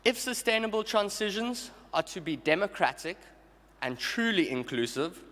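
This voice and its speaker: A man's voice: high-pitched, very animated, pushed and bright. Man presenting in a reverberant hall. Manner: measured, scripted delivery. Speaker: ceremony presenter. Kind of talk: formal introduction speech. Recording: long reverb of a large hall.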